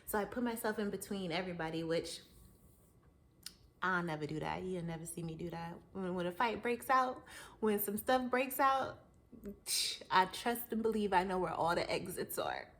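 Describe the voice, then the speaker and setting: A woman hosting her own show, telling a story in a casual monologue, animated and often breaking into laughter as she talks straight to the listener. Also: lowish voice, moderate pace. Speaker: podcast host.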